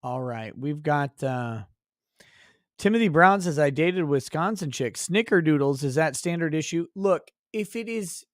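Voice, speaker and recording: A man's voice: fairly high pitch, lively intonation, unhurried, no room sound, studio quality. A man hosting a livestream, in a casual, profane rant, crude and mocking. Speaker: livestream host.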